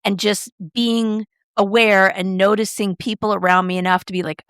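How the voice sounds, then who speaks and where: A middle-aged woman co-hosting a podcast, chatting casually and expressively with quick shifts in tone. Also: mid-range voice, animated, a bit bright, clean tone, no echo, clean studio sound. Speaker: podcast co-host. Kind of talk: casual chat.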